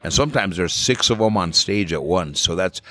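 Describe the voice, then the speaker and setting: A man's voice: deep voice, normal speed. A middle-aged man from New Mexico, a flamenco singer chatting as a podcast guest, telling things with vivid images and dropping in Spanish words. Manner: relaxed storyteller, vivid imagery, slips into Spanish. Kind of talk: casual interview chat.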